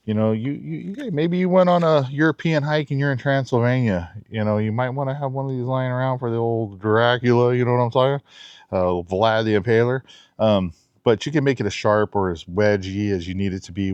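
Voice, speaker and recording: Laid-back low-voiced man demoing a knife. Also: a little mellow, no room sound, lo-fi sound. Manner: chatty, laid-back, giggly asides. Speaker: knife reviewer. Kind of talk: casual outdoor demo talk. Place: backyard outdoors.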